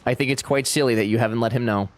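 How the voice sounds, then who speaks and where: A man's voice: mid-range voice, steady tone, racing. A man streaming a game, chatting with his viewers in a playful, teasing way. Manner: playful, teasing, jokey banter. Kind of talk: casual live-stream chat with viewers.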